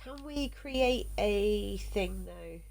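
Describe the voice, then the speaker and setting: A woman game streamer talks to her viewers in a slow, unhurried way. Her chat is halting and full of restarts. Her voice sits at an ordinary middle pitch. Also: lively intonation, gravelly, a little mellow. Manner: chatty, halting, trips over words and laughs.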